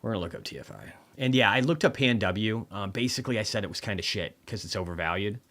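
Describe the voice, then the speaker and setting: A man's voice: fairly low pitch, animated, fast, a bit bright. A man hosting a casual livestream market commentary, talking bluntly with plenty of swearing and dry sarcasm, rambling through asides and restarts. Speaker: livestream host reviewing markets.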